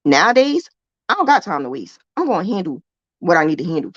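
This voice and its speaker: A blunt, self-assured woman talks through a crochet lesson in a loose, colloquial way, repeating herself to drive points home. Her voice sits at a middle pitch. The sound is dry and a little dull, as if recorded close in a small room. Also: big pitch swings, a little fast, dry recording. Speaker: crochet teacher and livestream host. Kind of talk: casual livestream lesson.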